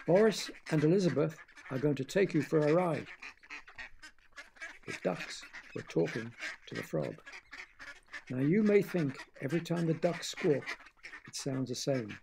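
A man narrating a bedtime story for children in a gentle, chatty way, often talking straight to the listener. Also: on the high side, gravelly, background noise.

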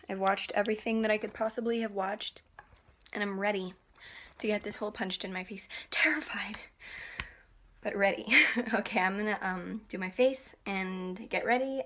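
A woman's voice: medium pitch, a bit bright, poor audio. A young woman in her late teens vlogging casually at home, talking nervously and chattily with lots of fillers. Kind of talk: casual vlog talk to camera.

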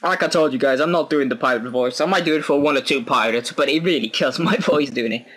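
A man's voice: mid-range voice, fast, hardly any pauses, a bit bright, breathy edge. A British man hosting a let's play, commenting casually with self-mocking asides. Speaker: gaming video host.

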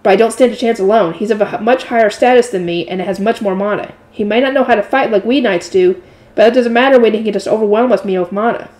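A woman's voice: fast talker, a little mellow, close to an everyday voice. A woman reading aloud and voicing a tense young male knight who warns of danger. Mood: urgent. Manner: urgent, low-voiced.

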